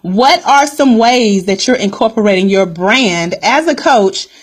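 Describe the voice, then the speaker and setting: A woman's voice: a little high, animated, a little slow, slightly rough. Upbeat woman coaching live on stream. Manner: upbeat, addresses viewers as "guys", repeats key points. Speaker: business coach hosting a live call.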